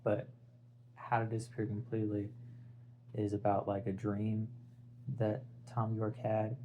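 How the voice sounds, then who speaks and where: A man's voice: fairly low pitch, completely flat delivery, unhurried, highs cut off, slight background noise. A young man talking casually about an album, rambling and searching for words as he goes. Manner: rambling, filler-heavy, restarts and searches for words. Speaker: music video essayist. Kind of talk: casual unscripted album talk.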